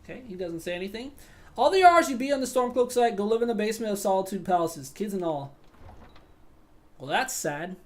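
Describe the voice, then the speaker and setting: A woman's voice: medium pitch, animated, fairly quick. A young woman streaming a fantasy game, narrating role-play with giggles, swearing and easy distraction. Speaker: gaming streamer. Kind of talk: casual role-play gaming commentary.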